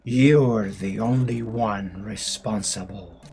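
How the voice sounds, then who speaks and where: A man voicing an evil male creature who taunts a young witch in a slow, gloating drawl. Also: fairly low pitch, warm tone, faint music behind, voice pushed down. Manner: slow, gloating, drawn-out menace.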